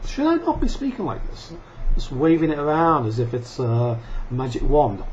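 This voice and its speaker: A man's voice: on the high side, wildly swooping pitch, normal speed, darkish tone. A man ranting angrily into the camera, swearing often, laughing and coughing between rants. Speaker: vlogger. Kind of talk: profane ranting monologue. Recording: dull lo-fi sound with faint noise.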